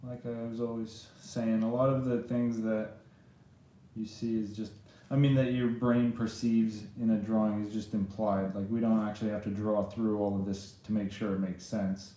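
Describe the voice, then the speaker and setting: A man's voice: lowish voice, level tone, moderate pace, mellow. Echoey man chatting while drawing. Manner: rambling, self-deprecating, laughs often. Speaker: drawing streamer. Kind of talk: casual live drawing commentary. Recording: very echoey room.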